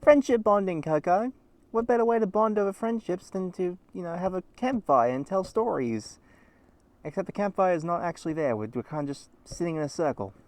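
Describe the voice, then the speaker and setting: A man's voice: sits high, expressive, brisk, a little mellow. A man voicing a cheerful, bossy young girl puppy who organizes the group in an upbeat way.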